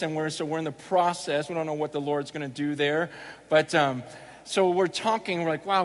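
High-voiced pastor, rambling and jokey. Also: male voice, a bit bright, in a large hall. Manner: rambling, self-deprecating storytelling with many restarts; jokey, acts out his own inner thoughts. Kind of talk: sermon opening with a personal story.

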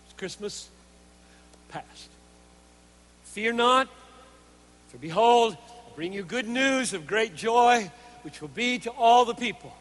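A male preacher with a strikingly high voice delivers an earnest sermon. He drops to hushed tones and then presses his points with force. A long hall reverb trails after his words. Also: expressive, takes it slowly, pauses often. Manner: earnest, emphatic, shifts between hushed and forceful.

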